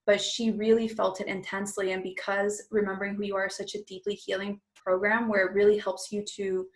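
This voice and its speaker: A woman's voice: medium pitch, little pitch movement, brisk. A woman hosting a casual interview as a coach, who talks in an encouraging way and says "like" often. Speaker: host and coach.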